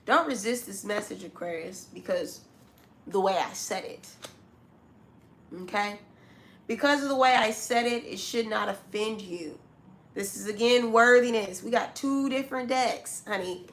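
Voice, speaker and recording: A woman's voice: mid-range voice, measured pace, a bit bright, slight background noise. A woman doing a zodiac tarot reading to camera, talking straight at the listener in a blunt, scolding way, with casual slang and repeated points. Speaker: tarot reader.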